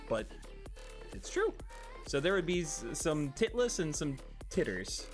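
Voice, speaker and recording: A man's voice: fairly high pitch, measured pace, over music. A man streaming, chatting casually, laughing often and cursing freely. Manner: animated, laughs often, swears. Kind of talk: casual livestream chat.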